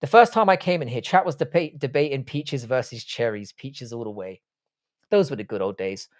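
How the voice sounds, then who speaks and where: A man's voice: mid-range voice, lively intonation, normal speed. Sweary laid-back British man. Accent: British English. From England. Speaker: livestream host. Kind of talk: casual live chat reading viewer comments.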